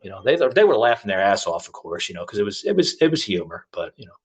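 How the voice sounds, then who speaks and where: A man's voice: lowish voice, very animated, fast talker, slightly rough. Rambling male podcast host telling a story. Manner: rambling storyteller with many restarts. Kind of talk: casual chat with a long personal story.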